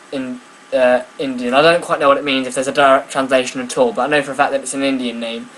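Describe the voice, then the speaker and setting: A man's voice: mid-range voice, a little hiss or hum, rough recording. A young man chatting casually to camera, rambling and self-mocking with many ums. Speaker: vlogger. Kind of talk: casual vlog chat.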